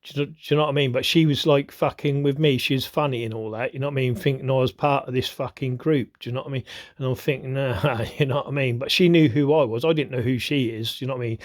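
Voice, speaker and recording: Bloke rambling on camera, swears a lot, keeps going "you know what i mean", gets worked up. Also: male voice, mid-range voice. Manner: grows agitated and heated. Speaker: video host. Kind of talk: rambling casual monologue.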